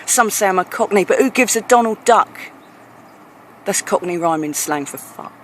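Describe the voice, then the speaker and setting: A woman's voice: mid-range voice, lively intonation, normal speed, a little hiss or hum. A woman with a London accent performing a rhymed spoken-word rap in a playful, rhythmic delivery. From England. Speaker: performance poet.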